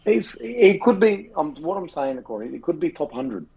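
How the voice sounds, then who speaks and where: An Australian man co-hosting a casual footy podcast, telling sweary, animated stories and mimicking his mates. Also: on the high side, moderate pace, gravelly, lo-fi sound, crowd noise. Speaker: podcast co-host.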